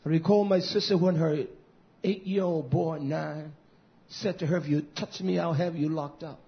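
A man preaching a fiery, scolding sermon, swinging between shouted lines and hushed ones. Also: on the high side, steady tone, moderate pace, vocal fry. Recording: dull lo-fi recording.

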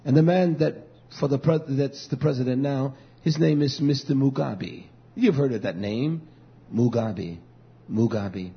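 A man preaching a fiery sermon, swinging from shouting to low murmuring, with repetitive, stumbling restarts. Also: measured pace, gravelly, husky. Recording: dull lo-fi recording.

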